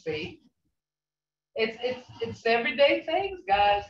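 Slow older woman teaching in a roomy space. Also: mid-range voice, expressive, pushed and bright. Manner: slow, repetitive teaching with emphatic questions. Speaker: language teacher. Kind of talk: language lesson. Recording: roomy, distant, dull sound.

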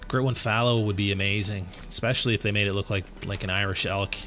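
A man's voice: fairly low pitch, fairly even intonation, fast talker, sharp tone, soft background music. A man streaming live gameplay, chatting casually and answering his viewers' questions while sounding tired. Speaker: game streamer.

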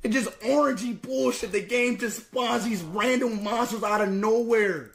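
A man's voice: very high-pitched, moderate pace, vocal fry. Young man ranting mid-game on stream. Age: young adult. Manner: frustrated ranting with heavy swearing and stammered restarts. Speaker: livestreamer. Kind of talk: live gameplay commentary.

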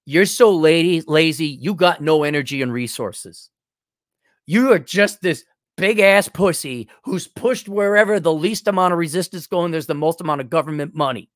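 A man's voice: fairly high pitch, moderate pace, no echo, studio quality. A male host reading a viewer's letter aloud and answering it with blunt, mocking sarcasm.

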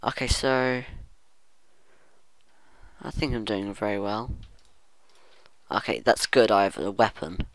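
A man's voice: on the low side, takes it slowly, long pauses, no room sound. A man talking through his own gameplay in a rambling let's-play commentary, musing aloud to himself and humming now and then. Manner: rambling self-talk, hums and muses aloud. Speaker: gaming channel host.

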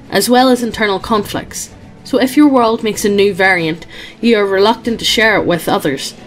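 Woman, podcast co-host, reading posts aloud, dry, matter-of-fact, mid pitch.

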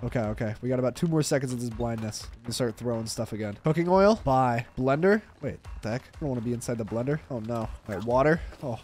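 A young man giving excited, exclaiming gameplay commentary to his viewers at a desk mic. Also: medium pitch, quick pace, few pauses, slight background noise. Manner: hyper, exclaiming, talks to viewers as "guys". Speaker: gaming channel host.

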